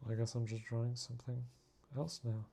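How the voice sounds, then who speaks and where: A man's voice: medium pitch, little pitch movement, brisk, creaky, dark tone. A tired man drawing late at night, naming each part in terse single words and making self-mocking asides to himself. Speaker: artist drawing on camera. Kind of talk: casual talk to himself while drawing.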